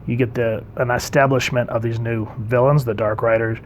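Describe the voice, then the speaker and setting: A man's voice: medium pitch, little pitch movement, moderate pace, slight background noise. A man casually reviewing a comic book, conversational and enthusiastic, with frequent ums. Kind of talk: casual commentary.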